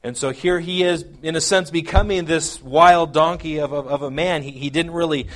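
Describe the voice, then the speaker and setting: A man preaching a sermon, earnest and halting, often repeating words as he explains scripture and reads old-style verses aloud. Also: on the high side, steady tone, a bit bright. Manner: reads scripture aloud in King James wording. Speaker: pastor.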